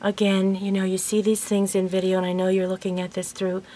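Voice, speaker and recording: A woman's voice: medium pitch, level tone, a little fast, mellow, slight background noise. A woman in her sixties telling a rambling home story in a casual vlog, chatty and laughing often, then showing off a gift. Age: 60s. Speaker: vlogger.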